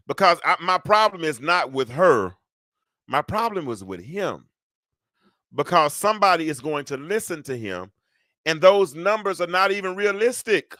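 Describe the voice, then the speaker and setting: Man, 50s, call-in show host, rambling, animated, forceful voice, dry close sound. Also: fairly high pitch, dry recording. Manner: rambling, animated, talks back to callers and chat. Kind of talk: live call-in talk show.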